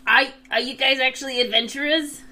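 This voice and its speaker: A woman's voice: high-pitched, fairly even intonation, a little fast, crowd noise, pitched above the performer's own voice, lightly acted. A woman voicing a timid young male goblin apprentice, earnest and overly polite, stammering a little. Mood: eager.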